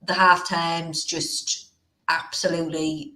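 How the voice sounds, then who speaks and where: A woman hosts a casual podcast and tells animated, blunt stories about her working week. Her voice sits a little low for a woman. The room adds a noticeable echo around her. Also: takes it slowly. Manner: animated storytelling, blunt and laughing. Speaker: host. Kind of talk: casual chat. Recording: roomy echo.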